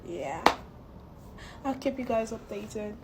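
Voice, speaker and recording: A woman in a tearful vlog confession, holding back tears and talking haltingly with shaky laughs. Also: fairly high pitch, animated, heavy background noise. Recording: clear background ambience.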